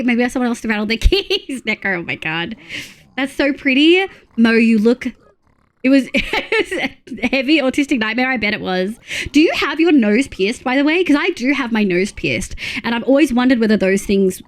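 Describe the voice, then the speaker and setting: With a high-leaning voice, lively intonation, and a moderate pace, a young Australian woman chats casually with livestream viewers. She reads chat messages aloud and gushes over their photos, with muttered asides between exclamations.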